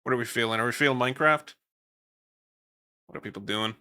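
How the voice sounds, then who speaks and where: A man's voice: mid-range voice, fairly quick, pushed and bright, smooth. A young man from the Netherlands with a Dutch accent, chatting casually on a stream and rambling while reading chat. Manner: rambling, swears casually, reads chat aloud.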